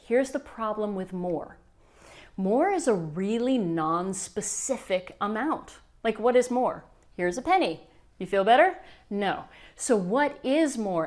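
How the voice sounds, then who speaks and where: A middle-aged woman coach telling a client story to camera, acting out the quoted dialogue with lively energy. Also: medium pitch. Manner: animated, acts out quoted dialogue. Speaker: law of attraction coach.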